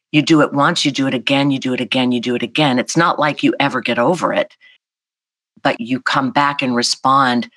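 A woman, telling a personal story as an interview guest in a lively, animated way. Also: rumbling low, dry recording. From South Carolina, US. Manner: animated, vivid storyteller acting out voices. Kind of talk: storytelling in a conversation.

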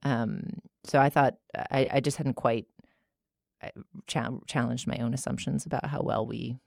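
American woman co-host, very deep with vocal fry, dry close mic. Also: steady tone, a little slow, a little mellow, no room sound. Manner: chatty, trailing restarts. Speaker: podcast co-host. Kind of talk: casual chat.

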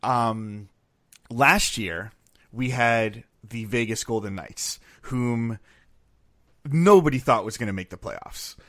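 A man's voice: medium pitch, slow, fairly bright tone. A man co-hosting a podcast, laying out a hockey theory step by step in casual, thoughtful talk. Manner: thoughtful, lays out an idea step by step. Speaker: podcast co-host. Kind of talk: casual sports chat.

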